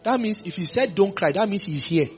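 Animated male preacher. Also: high-pitched, a little fast, faint music behind. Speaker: pastor. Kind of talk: sermon.

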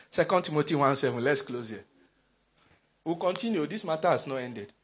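A man preaching a sermon in an animated, humorous way, laughing often. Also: on the high side, moderate pace, a little hiss or hum. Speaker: pastor.

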